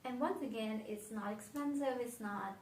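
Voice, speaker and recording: A woman's voice: on the high side, normal speed, a little mellow, slight background noise. A young woman from Vietnam, a non-native English speaker, talking through her favourite perfumes in a dreamy, reflective way that often trails off. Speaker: beauty vlogger. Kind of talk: casual fragrance review. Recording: roomy echo, slightly distant from mic.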